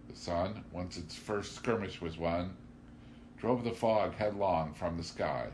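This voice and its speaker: Deep male voice, measured audiobook narration, faint hiss behind. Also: a little mellow. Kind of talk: audiobook reading of a classic novel.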